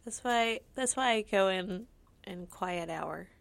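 A woman's voice: medium pitch, takes it slowly, gravelly. Rambling, giggly young woman chatting. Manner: rambling, filler-heavy, giggly. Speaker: podcast co-host. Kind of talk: casual chat.

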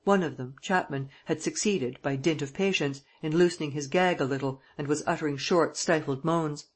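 An audiobook reader narrating a novel in a steady, even storytelling manner. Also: medium pitch, moderate pace, husky.

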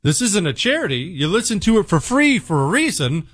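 A man's voice: a little fast, slightly rough, dry recording, clean studio sound. A man hosting a talk radio show, delivering an opinionated, sarcastic monologue. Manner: sarcastic, animated, swings pitch for emphasis.

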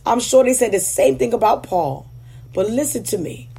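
A woman preaching a teaching sermon to ministers. She speaks emphatically, slows down to stress key words, and keeps checking in with "Okay?". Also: on the high side, expressive, vocal fry, mellow, breathy edge. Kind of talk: teaching sermon with scripture readings.

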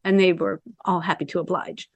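A woman's voice: fairly low pitch, level tone, a little fast, creaky, husky, no echo, highs cut off. A middle-aged woman telling a casual, chatty story, often saying "you know" and acting out quoted lines. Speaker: Reiki practitioner telling her story.

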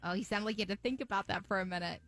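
A woman's voice: medium pitch, rapid-fire. Nosy, playful female radio co-host. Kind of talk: radio show banter and prank call.

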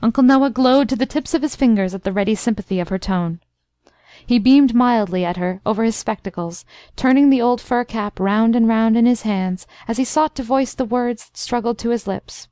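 Casting: woman audiobook narrator, even storytelling, a little high, dry close sound. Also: moderate pace, clear, resonant tone, no room sound. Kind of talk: scripted narration of a classic story.

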